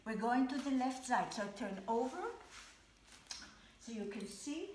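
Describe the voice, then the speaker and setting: This home Pilates class is led by a woman who gives steady, repeated instructions and counts through each exercise. Her slightly high voice comes at a slow pace, with room echo and some light background noise.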